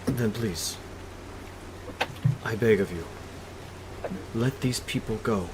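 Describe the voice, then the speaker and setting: A man's voice: lowish voice, takes it slowly, heavy background noise. A man voicing a humble, pleading male zealot leader in a tabletop game.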